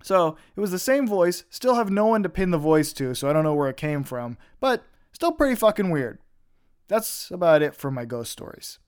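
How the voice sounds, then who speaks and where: A young man tells stories on his podcast in a loose, rambling monologue, dropping casual swears as he goes. His voice sits a little high and sounds smooth and clear. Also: very animated, normal speed. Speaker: podcast host.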